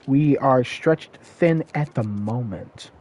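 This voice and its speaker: A man's voice: mid-range voice, slow, darkish tone. A man giving a grandiose, philosophical monologue, then thinking aloud as he plays a game on his channel. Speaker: game streamer. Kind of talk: reflective monologue and game commentary.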